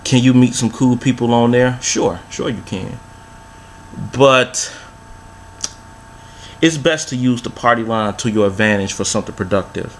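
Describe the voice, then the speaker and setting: A man's voice: mid-range voice, unhurried, long pauses, slight background noise. A man in his thirties telling a long personal story to camera in a laid-back, repetitive way with street slang. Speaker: vlogger. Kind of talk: casual storytelling monologue.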